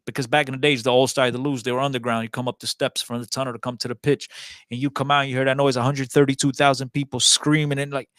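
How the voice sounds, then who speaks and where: A man excitedly telling stories as a guest on a casual podcast, rambling with frequent restarts. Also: mid-range voice, quick pace, dry recording, clean studio sound. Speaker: podcast guest, club fan.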